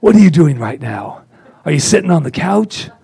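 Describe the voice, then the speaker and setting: A man impersonating a fired-up male motivational speaker who fires loud, insistent questions at the listener. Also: a little high, very animated, moderate pace, creaky, husky, voice pushed up, heavily acted. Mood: pumped up.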